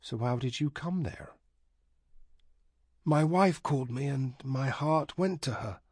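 A man voicing an earnest, thoughtful male sorcerer who speaks sincerely, a little higher than the narration. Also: measured pace, a little mellow, slightly rough, no echo, clean studio sound.

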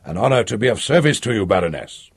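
A man voicing an officious, self-confident prison lieutenant in an audiobook reading, brisk and fawning. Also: fairly low pitch, big pitch swings, gravelly, slightly rough, heavily acted. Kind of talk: audiobook character voice.

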